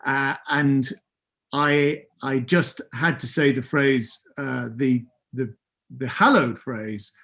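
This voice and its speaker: A man's voice: medium pitch, fairly even intonation, slow, vocal fry, a bit bright. A middle-aged man from England telling anecdotes as an interview guest, hesitant, with many fillers and self-corrections. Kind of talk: casual anecdotal recollection.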